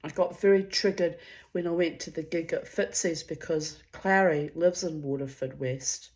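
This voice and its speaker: This is a casual storytelling monologue from a middle-aged vlogger addressing her channel, told bluntly, dramatically and with plenty of swearing. Her voice is deep and a little mellow, at a moderate pace.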